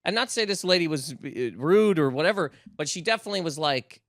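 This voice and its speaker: A man's voice: fairly high pitch, expressive, fast talker, fairly bright tone, no echo, clean studio sound. A young man from Nova Scotia, a guest comedian telling a story in casual podcast talk, acting out quotes and swearing freely. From Canada, Nova Scotia.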